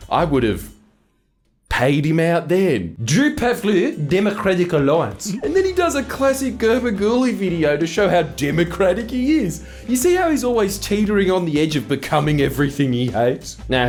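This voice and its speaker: A man's voice: mid-range voice, darkish tone. A man presenting a scripted comedic commentary video in a sarcastic, mocking tone. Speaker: online video creator.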